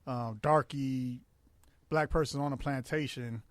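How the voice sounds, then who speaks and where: A man's voice: mid-range voice, steady tone, a little slow, no room sound. A middle-aged man co-hosting a podcast, telling loose, crude stories in casual chat and laughing often. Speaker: podcast co-host.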